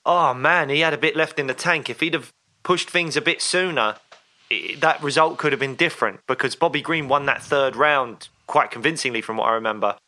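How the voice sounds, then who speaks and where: A man with a medium-pitched voice that sounds pushed and bright speaks a little quickly while co-hosting a fan podcast. The talk is casual and eager, focused enthusiastically on upcoming fights.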